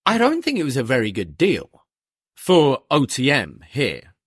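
A man's voice: medium pitch, wildly swooping pitch, a little slow, breathy edge, no room sound, clean studio sound. A man co-hosting a podcast review, breaking down the story with wry, analytical comments. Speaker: podcast co-host. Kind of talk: casual review chat.

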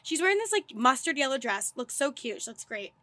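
A young woman co-hosting a podcast, telling animated stories in casual chat and swearing freely. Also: high voice, a little fast, no room sound. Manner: animated storytelling, swears and laughs often. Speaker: podcast co-host.

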